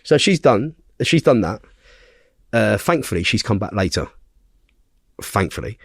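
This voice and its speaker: A man's voice: on the low side, a little slow, vocal fry, dry recording, studio quality. A man, a podcast guest telling a story in casual conversation. He swears constantly, talks bluntly and keeps checking in with tag questions. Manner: blunt, heavy swearing, animated retelling.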